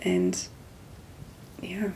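A woman, softly telling a personal spiritual story as an interview guest. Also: extremely slow, a little hiss or hum. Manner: soft-spoken storytelling, acts out quoted dialogue.

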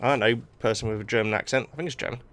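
A young man hosting a let's play, excitably talking to himself and the game. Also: medium pitch, rapid-fire. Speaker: gaming video host.

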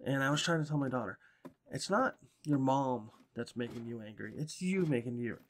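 A man casually commenting on his game, rambling between thoughts and coaxing game animals in a higher sing-song voice, chewing a cough drop as he talks. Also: lively intonation, normal speed, slight background noise. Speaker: gameplay commentator.

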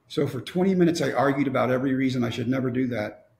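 A man's voice: medium pitch, steady tone, fast, warm tone. A middle-aged man from Texas, telling a personal story in a wry way with quoted dialogue. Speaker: motivational speaker. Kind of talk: storytelling talk. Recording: echoey room.

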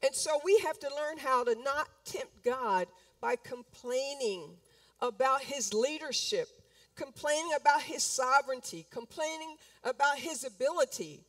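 A woman's voice: high-pitched, animated, measured pace, fairly bright tone, dry recording. A woman pastor preaching a sermon, emphatic and repetitive, sometimes acting out complaints in quoted voices. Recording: speaking from a distance from the mic.

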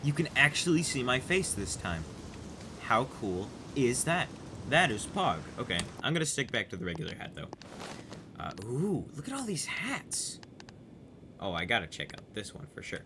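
Excitable man with a wide-ranging voice. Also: mid-range voice, normal speed, noisy background. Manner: excitable, chatters to his character, yelps when startled. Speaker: gaming channel host. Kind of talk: casual gameplay commentary.

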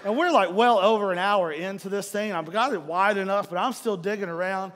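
A middle-aged male pastor preaching, telling a personal story with animated, playful acting-out. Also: sits high, fairly quick. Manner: animated storytelling, acts out own frustration. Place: church hall. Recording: long hall reverb.

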